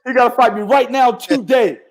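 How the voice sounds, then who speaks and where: A man's voice: very high-pitched, brisk, crowd noise. A man co-hosting a casual boxing podcast, talking with heavy slang and profanity and telling stories. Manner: profane, animated, storytelling with slang. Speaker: podcast co-host.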